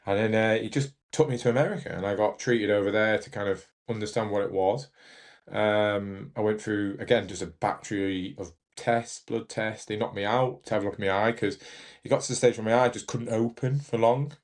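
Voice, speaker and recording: A young man, telling his story as a podcast guest, halting and emotional with many restarts. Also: fairly low pitch, fairly even intonation. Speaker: podcast guest, Paralympic judo athlete. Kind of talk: candid storytelling in an interview.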